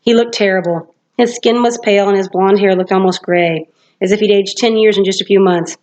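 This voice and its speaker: A woman's voice: mid-range voice, fairly even intonation, brisk, a little mellow, lo-fi sound. A woman teacher reading a novel aloud to her class, steadily and with occasional self-corrections. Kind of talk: storybook read-aloud narration.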